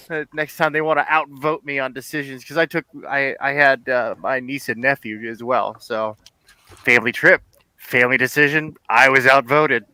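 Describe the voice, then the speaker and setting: A man in his forties, co-hosting a podcast, telling an animated story in casual chat and laughing often. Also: medium pitch, normal speed, clear, resonant tone, rough recording. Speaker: podcast co-host.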